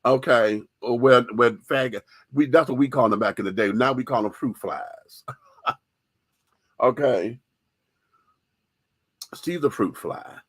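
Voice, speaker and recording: A man's voice: mid-range voice, a little slow, a bit bright, breathy edge, dry recording. A man hosting a radio show, giving a candid, profane, sassy opinion monologue with lots of emphasis.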